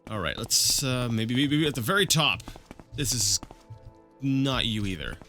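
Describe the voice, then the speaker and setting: A man's voice: mid-range voice, expressive, unhurried, sharp tone, soft background music. A man casually commenting on a video game as he plays, rambling and thinking aloud with many fillers and restarts. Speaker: let's play host.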